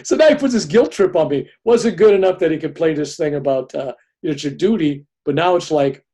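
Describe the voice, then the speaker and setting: An older man, a podcast guest, telling a personal story in an animated way and often checking in with "right?". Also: on the high side, normal speed.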